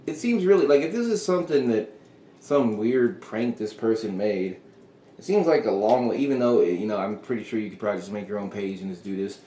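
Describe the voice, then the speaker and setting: Rambling man with a low voice. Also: warm tone, echoey room, a little hiss or hum. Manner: meandering, chuckling often, trailing off. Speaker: podcast host. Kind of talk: casual rambling monologue.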